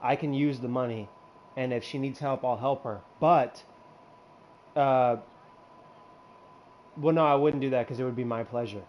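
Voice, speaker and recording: A young man spins a crude story among friends, looping back on himself with fillers and false starts. He laughs often as he talks, in a voice of middling pitch. Faint background noise sits under him. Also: steady tone, moderate pace, long pauses, highs cut off. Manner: rambling, laughs often, lots of fillers and restarts. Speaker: regular in a hangout show.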